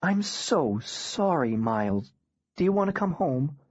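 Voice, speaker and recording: A woman's voice: deep voice, very animated, measured pace, darkish tone, breathy edge, lo-fi sound, voice pushed up, exaggerated voice. A male narrator voicing a worried middle-aged mother on the phone, anxious and fussing.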